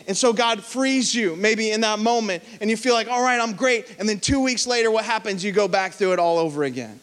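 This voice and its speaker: A man's voice: sits high, brisk, hardly any pauses, fairly bright tone. A man in his thirties preaching a sermon in a church, conversational, slipping into quoted voices. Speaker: pastor.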